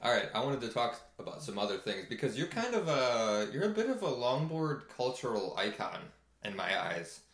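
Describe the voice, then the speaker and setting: A man's voice: medium pitch, big pitch swings, moderate pace, a bit bright, roomy sound. A man hosting a podcast, asking questions in an easygoing casual chat with short interjections. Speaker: podcast host.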